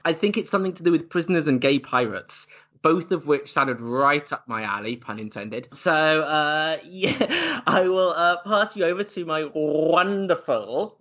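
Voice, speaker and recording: A slightly nasal male podcast host with a bright, lifted voice chats in a bubbly, self-deprecating way and laughs readily. The recording is dull and lo-fi. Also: fairly high pitch. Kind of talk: casual chat.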